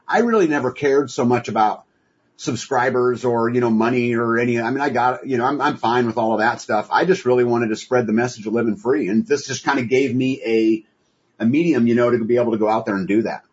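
A man's voice: mid-range voice, a little fast, slightly rough. A man talking as a guest in an interview, earnest and folksy with many fillers. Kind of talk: conversational interview. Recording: dull lo-fi audio.

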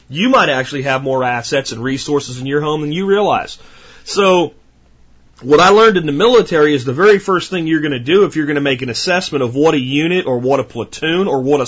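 A man's voice: a little high, fairly bright tone, slightly rough, muffled recording. A man hosting a podcast who talks in a passionate, emphatic, ranting way. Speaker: podcast host. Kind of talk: monologue podcast.

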